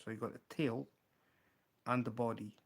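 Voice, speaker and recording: A man's voice: medium pitch, moderate pace, slightly rough. Chatty Scottish man telling a funny story. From Scotland. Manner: animated storyteller, acts out quotes, laughs often. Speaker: livestream host showing fly-tying materials. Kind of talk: casual livestream chat and anecdote.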